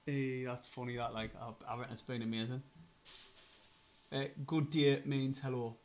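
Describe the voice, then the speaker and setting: A young man with a Sunderland accent, hosting a casual live stream, chatty, laughing often, swearing and getting excitable. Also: mid-range voice, normal speed, a little hiss or hum. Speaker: livestream host.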